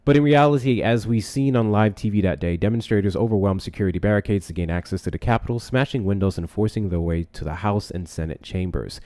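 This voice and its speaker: A man's voice: on the low side, dark tone. A young man hosting a live stream, reading articles aloud and reacting with profane, sarcastic commentary.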